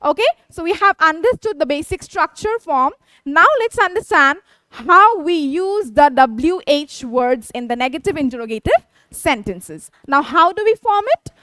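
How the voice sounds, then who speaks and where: A woman teacher explaining English grammar, reading out example sentences slowly and checking in with "yes" and "okay". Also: high-pitched, animated, bright, forceful tone, no room sound. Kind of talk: classroom grammar lesson.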